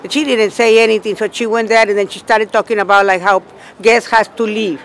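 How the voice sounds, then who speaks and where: A man's voice: high voice, steady tone, brisk, slight background noise. A man, a union member protester, telling an angry story outdoors in a street interview, repeating himself and quoting his own retorts. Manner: indignant, repeats himself, quotes himself loudly.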